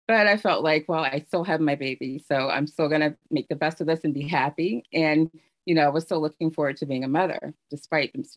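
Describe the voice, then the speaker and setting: A middle-aged woman telling her personal story in an earnest, halting way, with fillers and restarts. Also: low-pitched, dry recording. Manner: emotional storytelling. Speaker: speaker sharing her story. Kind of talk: personal testimony.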